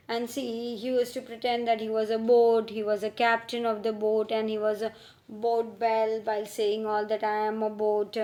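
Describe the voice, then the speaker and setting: A woman teacher with an Indian English accent and a slightly high voice reads a story from a school textbook. After each line she stops and explains it again in plainer words, often beginning with "see". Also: darkish tone. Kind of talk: reading and explaining a textbook chapter.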